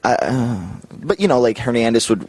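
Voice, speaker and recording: A man's voice: mid-range voice, fairly quick, dry recording. A man from Canada in his thirties, telling backstage stories in a casual interview, laughing often and acting out the people he quotes. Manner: animated, laughs a lot, acts out quoted voices. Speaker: guest. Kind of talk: casual storytelling.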